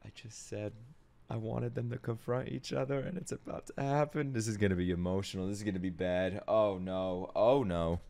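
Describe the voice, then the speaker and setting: A man hosting an anime reaction, excitable and emotional, swearing often as he talks over the show. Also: fairly low pitch, moderate pace, gravelly. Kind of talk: live reaction commentary. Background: anime soundtrack playing.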